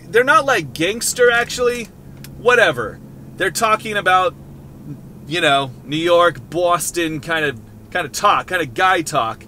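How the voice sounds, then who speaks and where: A man's voice: a little high, big pitch swings, moderate pace, pushed and bright, a little hiss or hum. A man in his thirties vlogging casually to a handheld camera from his car, rambling and joking. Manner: rambling, playful, jokey.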